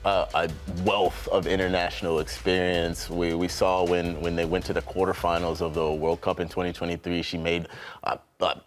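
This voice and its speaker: A man's voice: low voice, level tone, normal speed, faint music behind. A man analyzing soccer on a panel show, emphatic and repeating himself as he builds his points. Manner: emphatic, repeats words and restarts often. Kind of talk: sports panel discussion.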